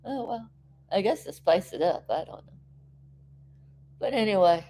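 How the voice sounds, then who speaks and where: This South Florida woman speaks in a fairly low, warm, expressive voice at a moderate pace. A vlogger on the mend from an injury, she rambles tearfully and emotionally in a casual chat to camera.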